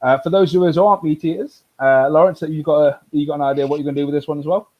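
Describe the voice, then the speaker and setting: A man hosting a casual live whisky tasting, talking in a relaxed, rambling way with many fillers and restarts. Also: fairly high pitch, fast, highs cut off. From United Kingdom.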